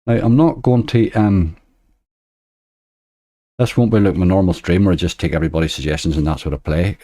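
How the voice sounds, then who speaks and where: A man's voice: low voice, warm tone, no room sound. A man hosting a casual livestream, chatting loosely and reading out viewers' messages into a desk microphone. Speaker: slots livestreamer. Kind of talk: casual live-stream chat.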